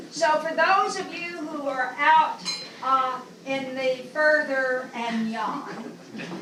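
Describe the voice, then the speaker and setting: High-voiced older woman giving a gracious welcome. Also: background noise. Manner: gracious, anecdotal, with light humor. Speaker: host. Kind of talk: welcome speech to guests. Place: private home during an evening reception.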